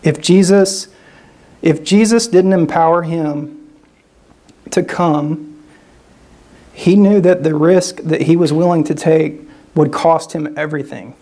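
A guest speaker giving a sermon in a fairly high-pitched male voice. He preaches in an easy, conversational way, often circling back and restarting phrases and checking in with the congregation. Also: steady tone, takes it slowly, long pauses, warm tone. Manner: conversational preaching with frequent "right?" tags and restarts.

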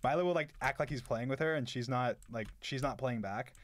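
A man in his twenties with a medium-pitched voice answers live-stream chat at a brisk clip. He's blunt and offhand, leans hard on "like," and tosses in sarcastic asides.

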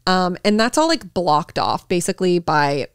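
A young woman co-hosting a podcast, telling a story in casual chat with lots of filler words and animated retelling. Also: lowish voice, moderate pace, clean tone, dry recording, studio quality. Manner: chatty, animated storytelling with many "like" fillers and laughs. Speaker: podcast co-host.

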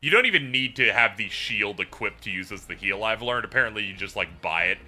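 A man livestreaming and chatting casually about a game, telling it as an animated story with swearing and laughter. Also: fairly low pitch, fairly quick, soft background music. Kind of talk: casual gameplay chat.

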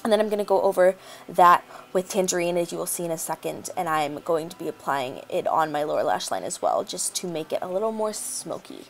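A woman's voice: on the low side, animated, a little fast, vocal fry, a little hiss or hum. A woman chatting casually as she narrates a makeup tutorial, rambling with lots of fillers. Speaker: beauty vlogger.

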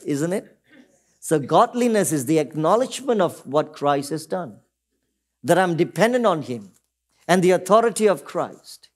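A man's voice: fairly high pitch, big pitch swings, moderate pace. A middle-aged man from Singapore, preaching a sermon to his congregation. He keeps calling out "Amen?" and drops into short quoted voices as he teaches. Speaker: pastor.

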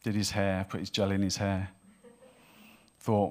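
Deep-voiced man preaching a sermon. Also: unhurried. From Wales. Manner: animated storytelling with acted-out voices of the people he describes. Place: church hall with congregation.

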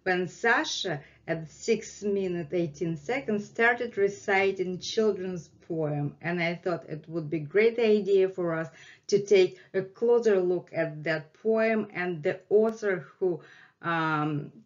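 A woman whose first language is Russian, hosting a language lesson and slowly repeating words for learners. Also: fairly low pitch. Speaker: language teacher and channel host. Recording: dull lo-fi sound.

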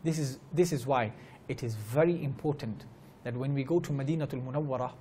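In a religious lecture, a male Islamic teacher earnestly relates stories, returns to key phrases, and recites Arabic verses with fluency. He speaks a little fast in a warm, mid-range voice, and a faint hiss or hum runs under the recording.

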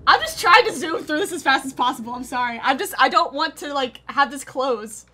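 Casting: high, lively female streamer, chatty and excitable, laughs a lot. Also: fairly quick. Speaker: gaming streamer. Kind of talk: casual live gameplay commentary.

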